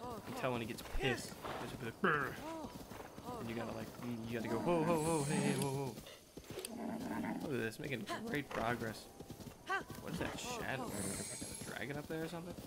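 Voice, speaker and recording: A man giving casual gameplay commentary, excitable, swearing playfully and talking to the game. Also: mid-range voice, normal speed, long pauses, very noisy. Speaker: let's play gamer.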